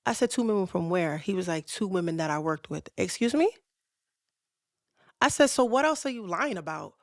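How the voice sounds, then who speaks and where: A woman hosts a podcast and tells a personal story in a candid, conversational way. Her voice sits low with a gravelly fry, recorded dry and close. She acts out both sides of the dialogue as she goes. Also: expressive, fast talker, dry recording. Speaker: podcast host.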